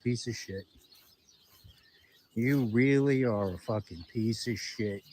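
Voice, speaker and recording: A man's voice: medium pitch, slow, darkish tone, slight background noise. A man talking casually outdoors by a garden grave, trading profane insults and taunts.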